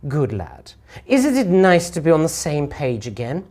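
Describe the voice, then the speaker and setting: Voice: medium pitch, sing-song, unhurried, a little mellow, voice pushed up. A game master voicing a commanding female sorceress who speaks in a muffled, condescending way, as if heard through thick glass. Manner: silky, condescending.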